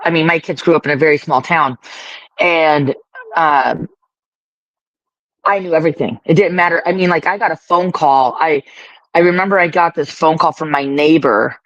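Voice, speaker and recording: A woman's voice: sits low, moderate pace, no room sound. Outspoken middle-aged woman, casual chat guest, dry close sound, dull lo-fi recording. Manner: outspoken, animated storyteller.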